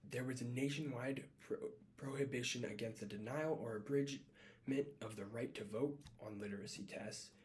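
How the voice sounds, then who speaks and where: A man's voice: medium pitch, moderate pace. Guy reading his class presentation off a script, stumbles a bit and fixes it, mid voice, faint hum in the background. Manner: reads from a script with small slips and self-corrections. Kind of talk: read-aloud class presentation.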